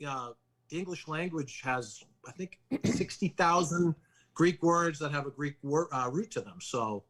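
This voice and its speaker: A man's voice: a little high, a little slow, fairly bright tone, poor audio. A man who is a guest on a podcast, friendly and explaining things as he tells his story. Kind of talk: casual podcast interview.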